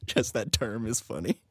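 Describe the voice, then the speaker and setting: A man's voice: fairly low pitch, bright, forceful tone, slight background noise. A young man hosting his own podcast, telling a crude, self-mocking story in casual chat and laughing often. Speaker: podcast host.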